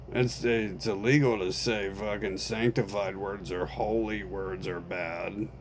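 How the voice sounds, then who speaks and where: A man's voice: fairly low pitch, vocal fry, slight background noise. A man delivering a rambling, profane, conspiratorial monologue straight to the camera.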